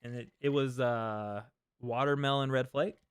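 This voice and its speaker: Young man, casual livestream host, smooth clear voice, dry close sound, easygoing. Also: medium pitch, steady tone, measured pace, no echo. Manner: laid-back, reads viewer comments aloud, laughs easily. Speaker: fishing channel host.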